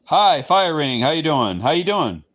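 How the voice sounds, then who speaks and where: A Texan-accented man from Southeast Texas hosts a livestream, chatting casually with viewers in a slightly high, fairly bright voice. He speaks a little slowly with big pitch swings and playfully slips into goofy voices.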